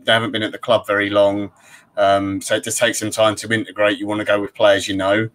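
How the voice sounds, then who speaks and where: A man co-hosting a casual football podcast, easygoing and measured. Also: on the low side, little pitch movement, a bit bright, poor audio. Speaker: podcast co-host.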